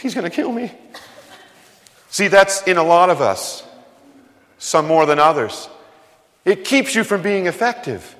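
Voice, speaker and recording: A man's voice: high-pitched, very animated, a little slow, long pauses, fairly bright tone. A man preaching a sermon as pastor, emphatic and conversational, firing rhetorical questions at his congregation in a church. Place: church sanctuary. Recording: long hall reverb.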